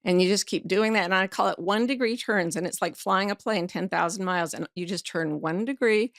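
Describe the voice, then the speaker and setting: A woman's voice: medium pitch, fairly quick, a bit bright, no echo, studio quality. A middle-aged woman sharing a personal story as a podcast guest, vividly acting out the voices she quotes, blunt and earthy. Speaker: guest author and life coach. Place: podcast studio.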